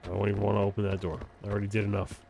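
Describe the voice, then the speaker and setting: A man's voice: fairly low pitch, monotone, racing, vocal fry, darkish tone. Male game streamer, casual and profane; rambles, trails off and backtracks mid-sentence. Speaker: live streamer. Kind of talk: casual chat while gaming on stream.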